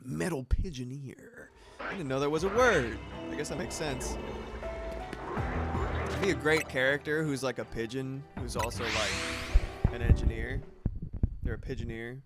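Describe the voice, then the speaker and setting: A man's voice: mid-range voice, normal speed, pauses often, loud music behind the voice. A man streaming a video game, chatting casually in a loose, rambling way and swearing freely. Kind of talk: casual chat while gaming.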